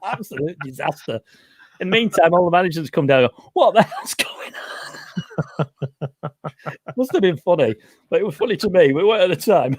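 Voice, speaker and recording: Lively high-voiced man telling radio stories. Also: quick pace, dry recording, clean studio sound. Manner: animated, laughs through his story, mimics others. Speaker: quiz co-host and radio presenter. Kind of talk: casual anecdote telling.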